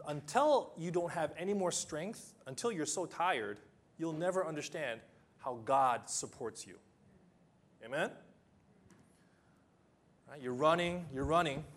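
A man preaching a sermon as pastor, emphatic, with long pauses, building to loud peaks and then dropping low. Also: expressive. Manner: acts out simple illustrations with sound effects.

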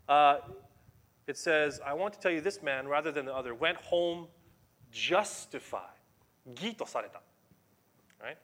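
A man's voice: fairly high pitch, bright, forceful tone. A middle-aged man preaching a sermon as pastor, emphatic and conversational, explaining scripture to his congregation.

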